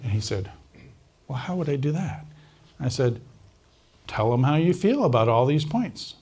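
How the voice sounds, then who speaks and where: This is a man recounting a personal story in a conversational interview. His pitch sits at an ordinary middle level for a man. He tells the story animatedly, acting out the other speakers' lines and breaking into laughter often. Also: lively intonation, normal speed, a little mellow, slightly rough. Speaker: interview guest.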